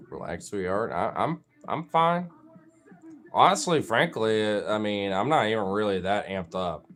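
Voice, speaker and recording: Low-voiced man in loose profane chat. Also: animated, a little slow, fairly bright tone. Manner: profane, loose, full of fillers and restarts; high playful baby talk when addressing his pets. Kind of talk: casual rambling chat.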